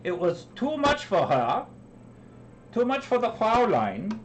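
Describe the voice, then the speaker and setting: A man's voice: high voice, wildly swooping pitch, takes it slowly, faint music behind, low-quality recording. A man streaming live from his kitchen while crafting, chatting in a rambling, joking way. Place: home kitchen.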